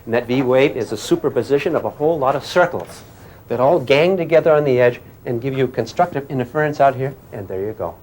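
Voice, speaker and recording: A man's voice: mid-range voice, animated, fast talker, darkish tone, slight background noise. An older man giving a physics lecture to a class in a playful way, often asking questions and making sound effects.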